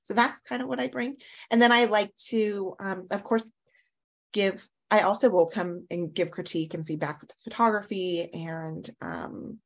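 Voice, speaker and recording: A woman's voice: medium pitch, normal speed, creaky. Woman mentor chatting casually. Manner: lively storyteller, animated quotes. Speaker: photography mentor. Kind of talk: casual panel chat.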